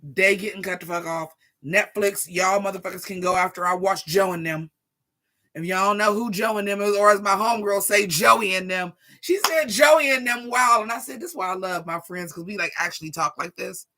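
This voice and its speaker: A vlogger in their forties ranting casually to viewers in a profane, sassy, animated way. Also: mid-range voice, a little fast. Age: 40s. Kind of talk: casual rant to camera.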